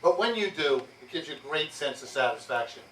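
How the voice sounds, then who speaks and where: Man telling lively stories to a room. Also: fairly high pitch, brisk. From New Jersey. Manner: lively, jokey anecdotes with frequent laughs. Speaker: keynote speaker. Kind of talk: storytelling speech to an audience. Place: yacht club event room. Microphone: far amateur camera. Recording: roomy, distant, noisy amateur tape.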